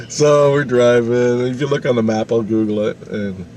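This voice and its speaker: A man telling a long, rambling story in a casual, animated way, swearing freely. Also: mid-range voice, normal speed, slight background noise. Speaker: vlogger.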